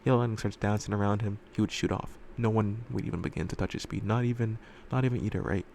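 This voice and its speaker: Rambling gravelly-voiced guy. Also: on the low side, fairly even intonation, quick pace, a little mellow, a little hiss or hum. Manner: rambling, filler-heavy, casual swearing. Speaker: fan-fiction storyteller. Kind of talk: casual storytelling commentary. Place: room indoors at home.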